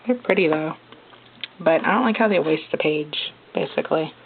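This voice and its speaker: Excitable young woman on tinny phone audio. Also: low voice, normal speed, vocal fry, a little hiss or hum. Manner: excitable, gasping and chatty. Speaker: vlogger unboxing a gift. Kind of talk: casual unboxing vlog. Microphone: handheld phone camera.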